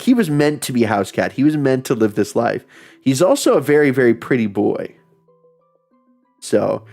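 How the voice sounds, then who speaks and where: A man's voice: medium pitch, darkish tone. A young adult man chatting casually on a livestream, rambling, laughing often and swearing freely. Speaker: streamer.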